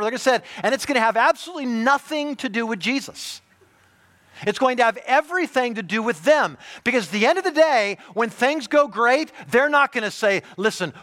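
Emphatic preaching man. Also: sits high. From United States. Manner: emphatic preaching, swings from loud to hushed. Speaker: pastor. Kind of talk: sermon.

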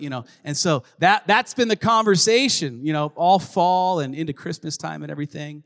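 Animated storytelling man, reverberant room. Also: a little high, brisk, few pauses. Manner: animated, rambling, many fillers. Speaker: co-host of a faith talk show. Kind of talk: casual storytelling with a spiritual lesson. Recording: long hall reverb.

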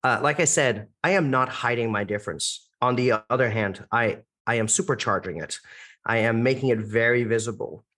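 A man with an American-sounding accent, a guest on a podcast interview. He speaks with punchy emphasis and keeps firing rhetorical questions. His voice sits at a middle pitch. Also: moderate pace, fairly bright tone. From India, raised internationally. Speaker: guest, public speaking coach.

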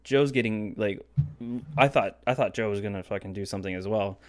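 A man's voice: fairly quick, no room sound, studio quality, faint music behind. Rambling young man telling a bar story. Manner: rambling, swears, acts out quotes with big pitch jumps. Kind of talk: casual storytelling chat.

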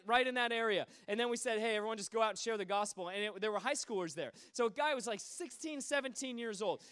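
A man preaching a sermon, telling stories with lively energy and acting out the voices of the people in them. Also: high-pitched, clear, resonant tone. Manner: animated, acts out quoted voices. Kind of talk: sermon storytelling.

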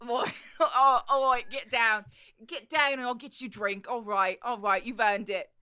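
A woman game master puts on a gruff tavern keeper with a shaky, put-on Cockney accent. The voice is bright and clean, a little high, and the accent comes out halting and self-conscious. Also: steady tone. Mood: gruff cheer. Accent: attempted Cockney. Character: gruff bartender, fond of a regular.

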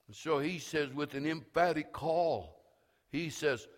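A male pastor preaching fervently, repeating himself and swinging between hushed words and shouts. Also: a little high, expressive, unhurried. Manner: fervent, repetitive preaching with many restarts. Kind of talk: sermon. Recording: long reverb of a big hall.

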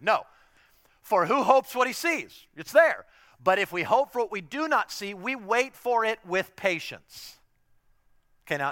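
Bright-voiced, emphatic male preacher. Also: a little high, dry recording. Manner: emphatic preaching, swinging from loud to hushed. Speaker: pastor. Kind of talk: sermon. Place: church in Southern California.

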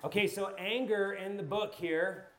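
A man preaches to a live group with energy, firing questions at the room and turning to stories from his own life. His speaking voice sits a little higher than most men's. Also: measured pace. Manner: energetic, asks the audience questions, tells personal stories. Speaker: pastor teaching a class. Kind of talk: sermon-style teaching to a live group.

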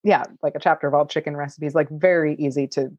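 A woman's voice: sits low, steady tone, fast talker, darkish tone, no room sound, lo-fi sound. A woman cookbook author answering audience questions in casual chat, laughing often and saying "like" a lot. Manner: chatty, laughs often, many "like" fillers.

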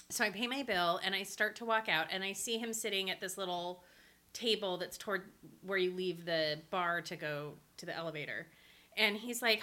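A woman on a podcast telling a personal story in casual chat, animated and laughing through her lines. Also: mid-range voice.

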